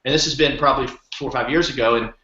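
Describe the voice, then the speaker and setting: A man's voice: mid-range voice, very fast, pushed and bright. A man hosting a podcast interview, asking long, rambling questions with enthusiasm. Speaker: podcast host. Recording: roomy, dull lo-fi sound.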